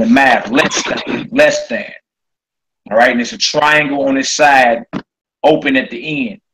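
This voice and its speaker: A man's voice: mid-range voice, low-quality recording. A man, teaching a casual live-streamed class and chatting with viewers as he goes. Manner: relaxed, chatty, talks to viewers as family.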